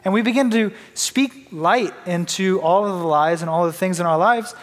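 A man's voice: high voice, moderate pace, in a large hall. A young man sharing a candid, conversational personal testimony in church, often restarting his sentences. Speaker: church member giving testimony.

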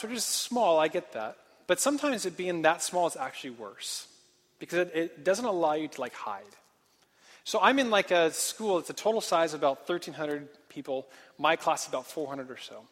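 Young guy from portland giving a talk, kinda high voice, lots of likes and ums, big echoey hall. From Portland, Oregon. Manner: animated, self-deprecating, casual filler-heavy. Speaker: speaker. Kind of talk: storytelling sermon. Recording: long hall reverb.

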